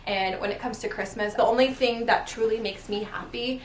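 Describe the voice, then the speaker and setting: A woman's voice: fairly high pitch, steady tone, fairly quick. A young woman talks casually to her viewers as she folds laundry at home, wandering from thought to thought and laughing between sentences. She sits back from the camera mic, so her voice carries a roomy echo, with a faint hum of the room behind her. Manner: chatty, rambling, laughs mid-sentence. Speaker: vlogger. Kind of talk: casual chat while folding laundry. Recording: roomy home recording from a distance.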